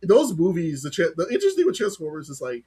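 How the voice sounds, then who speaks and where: A young man in casual movie chat on a livestream, an animated storyteller who laughs often. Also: a little high, quick pace, a crowd in the background. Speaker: co-host.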